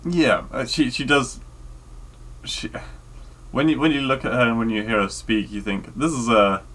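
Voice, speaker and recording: A man co-hosting a podcast in easygoing casual chat, often halting to find his words. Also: mid-range voice, expressive, fairly bright tone. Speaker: podcast co-host.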